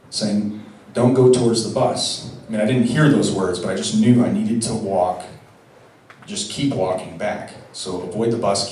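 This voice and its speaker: Low-voiced preacher, echoing from afar. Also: male voice, a little hiss or hum. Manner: casual, wry asides, frequent "I mean" and restarts. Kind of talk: conversational homily with personal story. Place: large echoey church. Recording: echoey church from far off.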